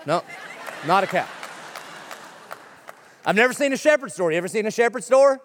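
A middle-aged male pastor preaching a sermon in a church, joking and punchy, firing off quick lists. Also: high-pitched, lively intonation, in a large hall, some chatter behind, slight background noise. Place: church sanctuary.

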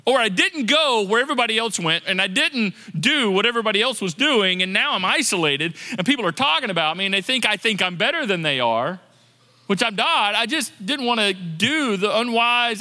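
A male pastor gives a conversational sermon with a high, very bright voice. He repeats words for emphasis as he talks the congregation through the point. The voice rings out with a long reverb in a church sanctuary. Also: expressive, brisk. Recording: long reverb of a large hall.

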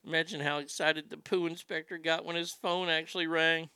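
A man hosting a comedy show, riffing through news commentary in a profane, animated way. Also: a little high, brisk, smooth, dry recording, studio quality.

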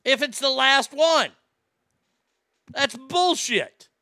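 A man's voice: extremely high pitch, animated, slow, pushed and bright, no echo, studio quality. A man ranting casually and profanely about movies while reading out listener comments. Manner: swearing, exasperated ranting.

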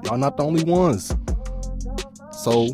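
A man's voice: on the low side, moderate pace, music in the background. A man hosting a podcast, delivering a casual, profane comedic rant full of laughs. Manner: animated, profane, laughing storytelling. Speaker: podcast host.

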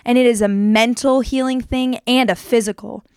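A young woman hosting a show, telling a personal story in a casual, animated way and leaping up in pitch when she acts out what people said. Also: moderate pace, smooth, dry recording. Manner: animated, jumps to high pitch acting out quotes. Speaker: podcast host.

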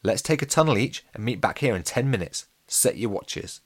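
A man playing a brisk, curious schoolboy. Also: mid-range voice, animated, breathy edge. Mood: decisive. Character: curious, brave schoolboy leading friends.

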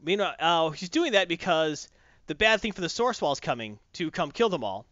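A man's voice: on the high side, sing-song, brisk, a bit bright, no echo, lo-fi sound. A man casually recapping a comic story on a podcast, acting out characters in silly voices. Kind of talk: casual chat.

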